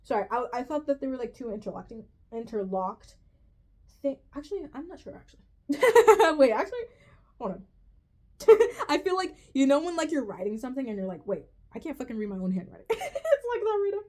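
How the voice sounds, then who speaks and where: Her voice is high, sing-song and brisk, a little mellow. She's a woman vlogger ranting casually to camera about a TV finale, profane and exasperated, rambling with restarts and self-corrections and saying "bro" often.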